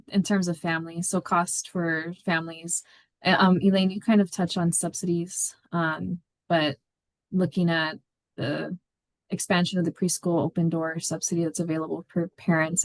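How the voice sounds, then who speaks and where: A woman adding a point at a public meeting, speaking in a hesitant, halting way. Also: fairly low pitch, level tone.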